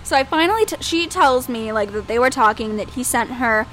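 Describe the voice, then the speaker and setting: A woman's voice: on the high side, fairly quick, a little hiss or hum. A young woman co-hosting a podcast, chatting casually and acting out the people in her story. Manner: animated storytelling, acts out quoted voices. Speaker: podcast co-host. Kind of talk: casual chat.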